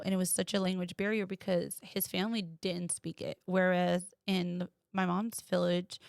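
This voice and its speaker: A woman from the United States telling a personal story as a podcast guest, animated and quoting others in lively voices. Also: fairly low pitch, gravelly, dry recording, clean studio sound.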